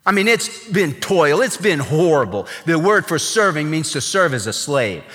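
A male pastor preaches emphatically, swinging his voice up and down as he drives each point home. His bright tone rings out with a long reverb, as in a large sanctuary. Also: on the high side, moderate pace. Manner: emphatic, animated preaching with acted-out quotes. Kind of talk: sermon.

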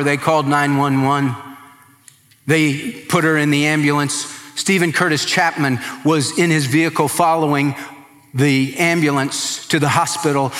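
Male pastor, slightly high voice, preaching with rising passion; long hall reverb. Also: fairly bright tone. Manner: impassioned preaching, rising and dropping for emphasis. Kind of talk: sermon.

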